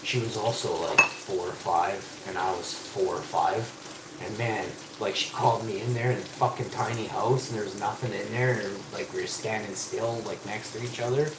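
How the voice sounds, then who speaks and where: Lowish and steady, this man's voice moves at a normal speed, far from the mic, with background noise. He livestreams from his echoey home kitchen while cooking over loud frying sizzle, rambling crudely with heavy swearing.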